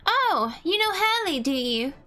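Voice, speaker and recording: A woman's voice: very high voice, big pitch swings, measured pace, bright, forceful tone, soft background music, pitched above the performer's own voice, heavily acted. A woman reading game dialogue aloud, voicing a small, cheerful young girl inventor in a chirpy, prim and polite way.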